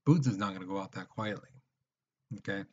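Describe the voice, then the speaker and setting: A man's voice: low-pitched, brisk, darkish tone, slight background noise. A man teaching history in a casual lecture, retelling events with acted-out quotes and frequent check-ins. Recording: dull lo-fi recording.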